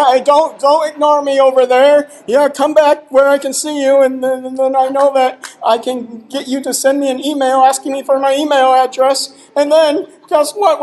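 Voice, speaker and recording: A man's voice: very high-pitched, rough recording. A man giving a short humorous talk at a conference, joking and teasing the audience in an exasperated way. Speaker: conference presenter. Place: conference hall.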